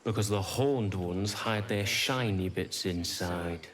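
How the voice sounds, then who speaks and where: An actor voicing a weary, sly talking ox in a video game. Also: male voice, low voice, slow, crowd noise. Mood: deadpan.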